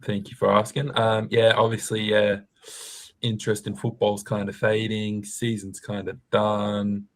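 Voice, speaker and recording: A man's voice: on the low side, completely flat delivery, measured pace. A man in casual football chat, hesitant and rambling. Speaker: panelist.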